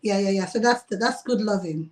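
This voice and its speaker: Talking fairly quickly in a mid-range voice, this restaurant owner gives a relaxed interview over a video call. She keeps things chatty and casual, laughing frequently and leaning heavily on the word "like."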